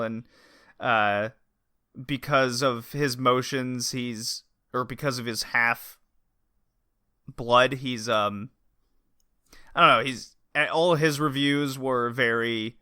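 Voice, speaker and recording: A man's voice: medium pitch, bright, forceful tone, smooth, dry recording, studio quality. A man co-hosting a podcast, chatting casually and animatedly, laughing and acting out quotes. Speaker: podcast co-host.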